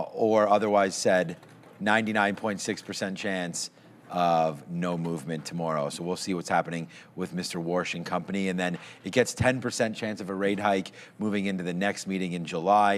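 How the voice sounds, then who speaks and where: Low-voiced man in casual market chat. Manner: rambling, conversational, chuckles at himself. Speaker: co-host of a live stock market show.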